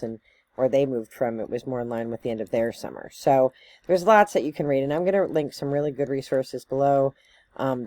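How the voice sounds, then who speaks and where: A woman's voice: a bass voice, dark tone, no echo. A woman giving a casual educational talk to camera, conversational and loose, with many fillers, tag questions and self-corrections as she thinks aloud. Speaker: spiritual teacher.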